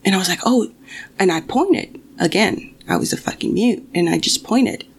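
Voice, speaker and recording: A woman's voice: mid-range voice, lively intonation, moderate pace, husky. A young woman telling a personal story casually, swearing often and restarting her sentences. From Mexican family.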